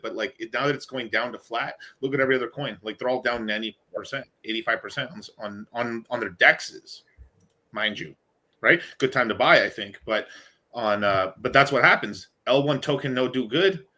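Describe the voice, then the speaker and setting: A man hosting a casual crypto podcast, talking in an animated, slangy way. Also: medium pitch, fairly quick. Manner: animated, slangy, laughing often. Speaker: podcast host.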